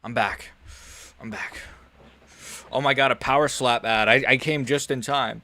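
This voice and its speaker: A man's voice: medium pitch, steady tone, measured pace, pauses often, sharp tone. A man hosting a live stream, reacting to fights in a rambling, joking way full of slang.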